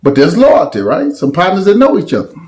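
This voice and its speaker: A man's voice: high voice, huge pitch swings, brisk, darkish tone. A man telling a story in a casual, slangy way, with dramatic asides.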